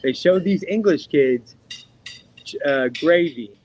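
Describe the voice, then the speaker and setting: A man's voice: fairly high pitch, lively intonation, takes it slowly, darkish tone, a little hiss or hum, poor audio. Rambling, profane man on a podcast. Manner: rambling, profane, heavy on "like" fillers. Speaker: podcast co-host. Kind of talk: casual podcast chat.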